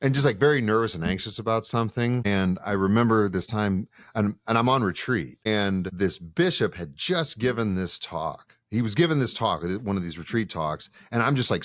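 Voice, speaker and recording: A seminarian talking in a casual podcast chat, telling stories with lively acted-out dialogue. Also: male voice, sits low, dry recording, clean studio sound. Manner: animated storyteller who acts out quoted dialogue.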